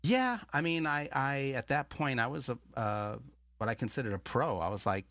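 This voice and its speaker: A man's voice: mid-range voice, moderate pace, no echo. A man, a filmmaker guest, telling a long story in casual chat and acting out the dialogue he quotes. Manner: animated, acts out quoted dialogue.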